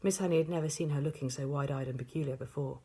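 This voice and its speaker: A woman reading a children's novel aloud, steady and expressive. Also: low voice, fast, breathy edge. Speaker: audiobook reader. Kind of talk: storybook read-aloud.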